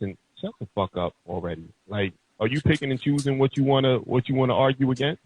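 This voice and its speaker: A man's voice: mid-range voice, lively intonation, brisk, few pauses, dry recording. A man hosting a podcast, ranting heatedly and emphatically in casual, profane talk. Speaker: podcast host. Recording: tinny phone-like sound.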